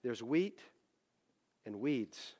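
A male pastor delivering a sermon in an impassioned way, building up to loud, emphatic peaks. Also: medium pitch, animated, very slow. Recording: preached in a reverberant hall.

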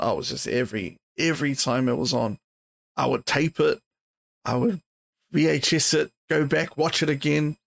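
A man's voice: on the high side, vocal fry. A tired man hosting his podcast alone, rambling casually with lots of fillers and swearing. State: tired, yawning late at night. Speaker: podcast host. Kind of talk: casual solo podcast chat.

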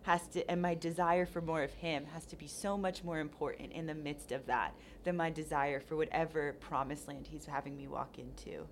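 A woman's voice: deep voice, steady tone, moderate pace, hardly any pauses, slight background noise. A woman in a casual faith conversation, talking earnestly and reflectively with frequent restarts.

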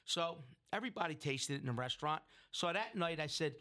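Middle-aged man, restaurant owner, rambling anecdote, somewhat high voice. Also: lively intonation, fairly quick, bright, forceful tone. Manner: rambling, with restarts and acted-out quotes. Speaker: restaurant owner and food entrepreneur. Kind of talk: interview storytelling.

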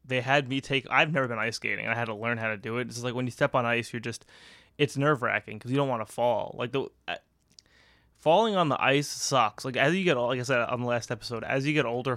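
A man's voice: medium pitch, fairly quick, sharp tone, dry recording. A man in a mid-range voice talking through a loose solo podcast monologue. He rambles, swears freely and laughs a lot along the way. The sound is dry and close, with no room around it. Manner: rambling, profane, laughs often. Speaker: podcast host.

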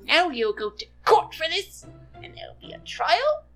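A man's voice: very high voice, huge pitch swings, normal speed, creaky, pushed and bright, soft background music, pitched above the performer's own voice, full character voice. A woman voicing a pompous, self-righteous village spokesman in a tabletop game. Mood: threatening. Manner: pompous, declaiming.

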